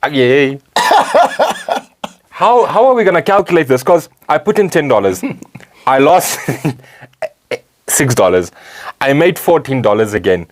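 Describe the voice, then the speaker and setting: A man's voice: on the high side, very animated, normal speed. A man, hosting a podcast in casual, laid-back chat, swearing and laughing often. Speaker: podcast host.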